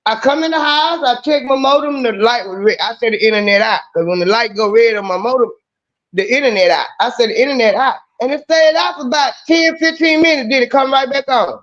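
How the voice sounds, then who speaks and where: High, emphatic woman on dull lo-fi audio. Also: brisk. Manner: emphatic, profane, storytelling. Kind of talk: casual chat.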